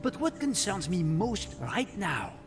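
A man's voice: high-pitched, huge pitch swings, measured pace, creaky, exaggerated voice. An actor playing a pompous, brusque male emperor giving orders in a story game. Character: blustering male emperor impression. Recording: game audio with music underneath.

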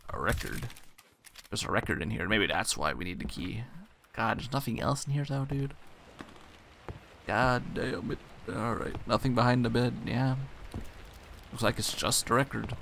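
Gravelly young man narrating gameplay. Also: mid-range voice, lively intonation, moderate pace, long pauses, a bit bright, a little hiss or hum. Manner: casual, swears a lot, says dude and bro. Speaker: gaming channel host. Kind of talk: let's play commentary.

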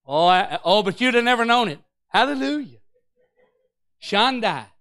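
A man's voice: high voice, fast talker, clear, resonant tone, dry recording, studio quality. A male pastor, preaching a storytelling sermon in a church, acting out quotes and calling out to the congregation. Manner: animated, acts out quotes, Pentecostal call-outs.

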